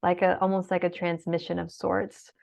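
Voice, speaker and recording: A woman's voice: lowish voice, little pitch movement, normal speed, gravelly, a little mellow. A middle-aged woman speaking as a guest in an interview, heartfelt and sometimes tearful, with many fillers. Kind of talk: emotional interview conversation. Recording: dull lo-fi sound.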